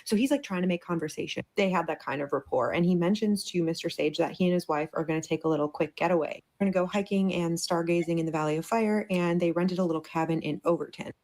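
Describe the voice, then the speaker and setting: A woman tells a spooky story in a quick, chatty way, filling her sentences with little fillers. Her voice sits somewhat low, and she speaks like a streamer talking to her viewers. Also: a little mellow, rough recording. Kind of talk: casual spoken ghost story.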